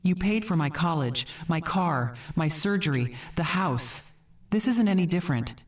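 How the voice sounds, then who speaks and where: A woman voicing a desperate adult daughter who pleads and begs, turning sharp. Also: low-pitched, lively intonation, unhurried, far from the mic. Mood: begging. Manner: pleading, tearful, rising to sharp.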